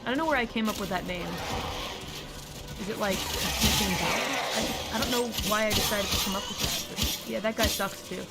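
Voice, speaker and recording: A woman's voice: mid-range voice, fairly quick, heavy background noise. A woman streamer casually recapping a tabletop campaign in a playful, giggly, rambling way. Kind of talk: casual recap with acted quotes. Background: music.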